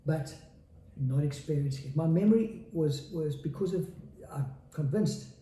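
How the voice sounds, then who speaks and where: An earnest man in his forties talks openly in a podcast interview, circling back and repeating key phrases. His voice is very dark and mellow and sits a little high for a man. The room is echoey, with a faint hum behind. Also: moderate pace. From South Africa. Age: 40s. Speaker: podcast guest. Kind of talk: candid interview talk.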